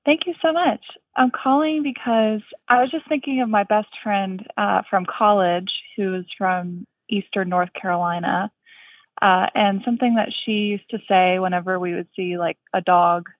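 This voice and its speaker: A woman's voice: medium pitch, moderate pace, no echo. A woman calling in to a radio show, talking casually with lots of fillers over the phone. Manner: chatty, many fillers like "like" and "uh". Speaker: caller. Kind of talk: phone-in chat. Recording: tinny phone line from far off.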